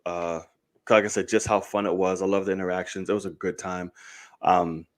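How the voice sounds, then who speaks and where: A man hosting a live movie podcast, chatting casually and cursing freely with animated asides. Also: sits low, fairly quick. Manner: loose and swearing, animated asides. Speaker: podcast host.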